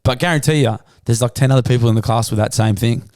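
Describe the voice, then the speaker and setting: A blunt Australian man hosts a podcast, swearing freely as he banters with his co-host. His voice sits at an ordinary pitch. The sound is dry and close, with no room echo. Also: quick pace, a little mellow.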